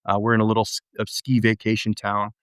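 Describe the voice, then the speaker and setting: A man telling his story as an interview guest, halting and restarting often, with lively acted-out quotes. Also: lowish voice, clear, resonant tone, dry recording, clean studio sound. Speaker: real estate investor guest.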